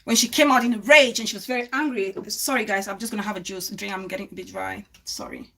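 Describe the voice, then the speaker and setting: Bright-voiced woman lecturing her live-stream viewers. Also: mid-range voice, fairly even intonation, fast talker, vocal fry. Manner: earnest, repeats phrases for emphasis, stops to scold commenters. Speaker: livestream host.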